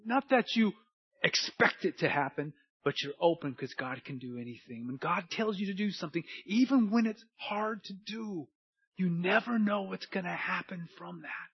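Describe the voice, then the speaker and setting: High-voiced man preaching a sermon. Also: breathy edge, lo-fi sound. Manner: swings from loud urging to quiet, drawn-out phrases. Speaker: pastor.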